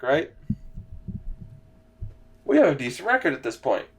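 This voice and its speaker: Brief: tired male gamer, higher voice, loose profane commentary. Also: big pitch swings, a little slow, pauses often, a little mellow, muffled recording, slight background noise. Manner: rambling, swears casually. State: sleepy, yawning. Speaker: gaming commentator. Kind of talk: casual let's-play commentary. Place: home gaming setup, in a chair.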